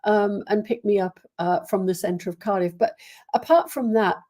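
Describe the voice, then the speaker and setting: A woman's voice: medium pitch, normal speed, warm tone. A woman from Wales with a Welsh accent hosts a live stream, chatting in a rambling way with many fillers and restarts as she greets her viewers. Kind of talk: casual live-stream chat.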